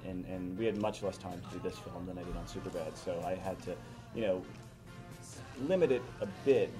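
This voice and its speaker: A man answering interview questions as a film director, explaining his choices in a thoughtful, casual way. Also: low voice.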